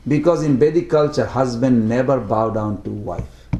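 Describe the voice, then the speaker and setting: A man speaking to a devotional study group, telling a story in an animated way and acting out the characters. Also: medium pitch, moderate pace. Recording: roomy echo.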